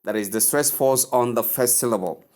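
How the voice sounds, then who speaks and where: A man teaching English pronunciation, speaking slowly and deliberately and repeating words for learners to echo. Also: medium pitch, a little mellow. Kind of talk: pronunciation lesson.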